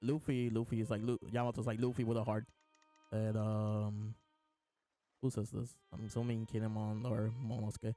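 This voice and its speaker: Guy doing a chill live reaction, reads lines out, laughs a lot, quiet music behind. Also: lowish voice, flat delivery, moderate pace. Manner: reads lines aloud with frequent laughs and restarts. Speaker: host reading and reacting to a comic chapter. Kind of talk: casual live reaction chat.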